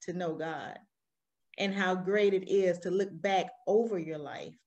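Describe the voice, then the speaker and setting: A woman in her forties with a Southern American accent, telling her story as an interview guest with lively, laughing energy. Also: fairly low pitch, a little slow, lo-fi sound. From Alabama, US. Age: 40s. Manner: animated storytelling, laughs often. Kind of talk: conversational interview.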